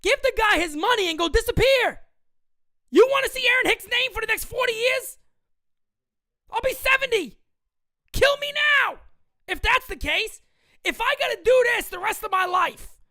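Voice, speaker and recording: A woman in her thirties hosts a sports livestream, ranting heatedly as a fan, swearing and repeating her points for emphasis. Her voice is extremely high, bright, and forceful, with clean studio sound and no echo.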